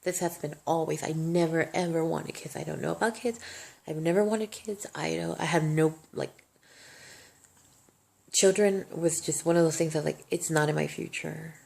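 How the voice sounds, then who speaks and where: Gravelly young woman telling her story. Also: deep voice, steady tone, normal speed, a little mellow. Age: young adult. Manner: emotional, rambling, swears freely. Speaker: vlogger. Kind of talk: casual storytime monologue.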